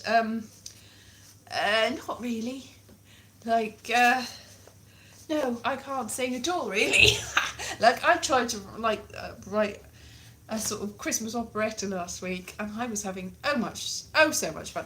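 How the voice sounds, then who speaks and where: Bright, lively-voiced woman chatting casually. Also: on the high side, normal speed, slight background noise. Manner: chatty, hesitant, trailing off and restarting. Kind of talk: casual rambling chat.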